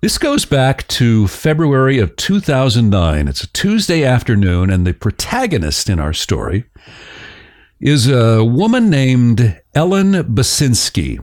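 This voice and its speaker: Brief: male podcast host, lively up-and-down delivery, joking, loose and chatty. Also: mid-range voice, measured pace. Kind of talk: casual storytelling podcast.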